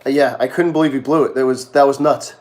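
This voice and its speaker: A young man runs a live Q&A stream, chatting casually with viewers in a mid-range, slightly mellow voice that's fairly quick with fairly even intonation. He repeats himself often and laughs a lot.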